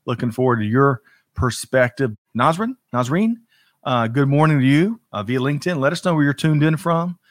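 A male host greets viewers by name, upbeat and chatty, often tripping over his words. His voice sits at a middle pitch. The sound is dry, with no room echo. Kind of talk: livestream talk show.

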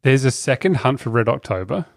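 A man chatting casually about a film, playful and quick to put on character voices in his quotes. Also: medium pitch, sing-song, creaky, no room sound, clean studio sound.

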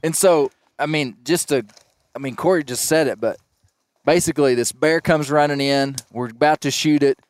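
Smooth-voiced middle-aged man telling a story. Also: a little high, normal speed, no room sound. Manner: animated retelling, acts out shouted quotes. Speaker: podcast host. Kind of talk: casual storytelling chat.

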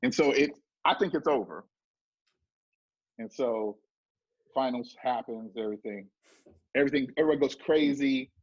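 Husky-voiced man telling a rowdy story. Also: mid-range voice, normal speed, pauses often, no echo. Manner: animated, swearing, acts out quotes in raised voice. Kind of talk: casual storytelling with acted quotes. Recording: dull lo-fi.

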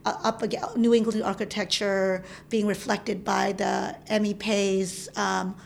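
Gravelly-voiced woman telling a story. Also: medium pitch, a little slow, a little hiss or hum. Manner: animated, acts out quoted voices. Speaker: interview guest. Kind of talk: casual storytelling. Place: San Francisco.

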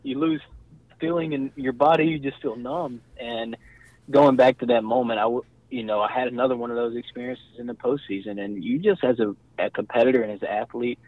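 A man who pitched pro baseball, a podcast guest talking in a relaxed, reflective way with many fillers. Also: a little fast, no echo, phone-quality sound. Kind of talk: casual interview chat.

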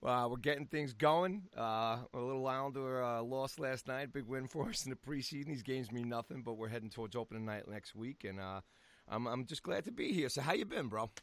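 A man co-hosting a casual sports podcast, energetic and chatty, often repeating words as he starts a thought. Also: medium pitch, brisk, no echo. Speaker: podcast co-host.

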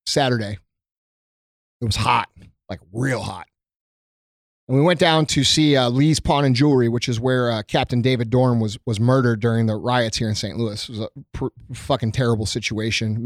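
A man's voice: medium pitch, dry recording, clean studio sound. A man, a small business owner, speaking to his followers in an unscripted, heartfelt monologue. He is earnest and emotional, swears freely and often stumbles with ums and restarts. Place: his company premises, indoors.

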